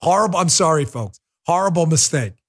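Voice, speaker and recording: A man's voice: on the high side, expressive, a little fast, husky. A middle-aged man from New York City hosting a political commentary show, ranting in an exasperated, mocking way. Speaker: podcast host.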